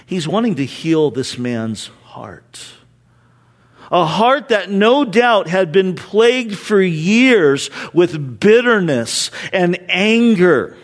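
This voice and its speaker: A middle-aged man preaching a sermon in a high, animated voice that leaps around in pitch. He takes his time, lingering over his words. He swings between loud emphatic lines and hushed near-whispers. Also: takes it slowly.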